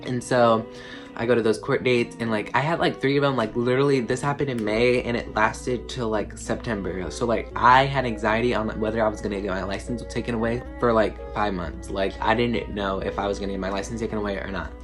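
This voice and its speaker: A man's voice: on the low side, steady tone, fairly quick. A teenage boy telling a casual storytime, rambling with lots of fillers and "like". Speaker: vlogger. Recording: clear music playing under the voice. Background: background music.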